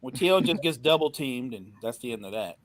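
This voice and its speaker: A man's voice: mid-range voice, lively intonation, brisk, low-quality recording. A man co-hosting a casual sports podcast, chiming in with brief, easygoing remarks.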